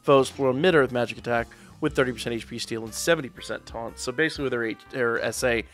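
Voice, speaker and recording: Talking fast in a medium-pitched, slightly bright voice, the gaming YouTuber runs through mobile game units informally. He reads stats aloud in a chatty way and often corrects himself.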